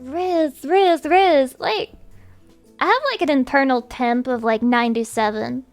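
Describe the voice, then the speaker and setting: A woman's voice: high-pitched, measured pace, faint music behind. A woman streamer chatting casually with her viewers in a profane, rambling rant.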